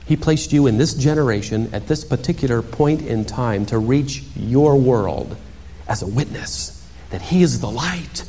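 A male pastor preaching a sermon in an animated, dramatic way, moving from loud emphasis to hushed asides. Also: mid-range voice, unhurried, breathy edge.

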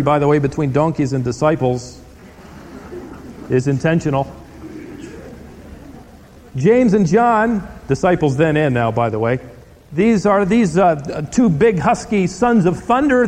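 A male pastor preaching a sermon in a church, telling stories with animated delivery and rhetorical questions. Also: high voice. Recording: long hall reverb.

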